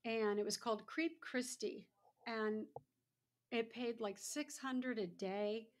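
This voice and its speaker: A woman in her sixties, a podcast guest telling stories in a casual, animated way and acting out other people's lines. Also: fairly high pitch, takes it slowly. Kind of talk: casual storytelling.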